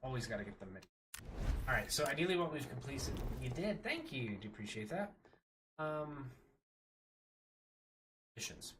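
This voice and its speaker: A man's voice: medium pitch, very animated, moderate pace, long pauses, fairly bright tone, slight background noise. A man chatting casually while playing a game, rambling from one story to the next and laughing often. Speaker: streamer. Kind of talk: casual gaming chat.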